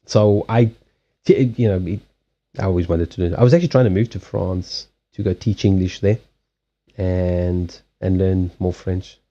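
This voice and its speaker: A man's voice: sits low, fairly even intonation, dark tone, dull audio. A man from Africa hosting a casual live stream, chatting with viewers and often restarting sentences. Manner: chatty, halting restarts, answers viewer chat. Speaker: live-stream host and card reader. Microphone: streaming setup.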